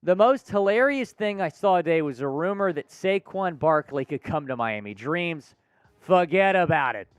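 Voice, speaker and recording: Animated man hosting a live sports stream. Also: a little high, moderate pace, few pauses, clean tone, dry recording. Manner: lively, animated, answers viewer comments by name. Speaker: sports show host. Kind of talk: live stream sports talk reading chat.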